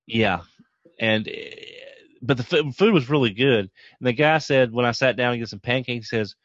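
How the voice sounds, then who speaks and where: A man's voice: mid-range voice, normal speed, fairly bright tone, no echo, highs cut off. A man co-hosting a podcast, telling a rambling, easygoing anecdote. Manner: easygoing, rambling with fillers and restarts. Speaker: podcast co-host. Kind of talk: casual storytelling chat.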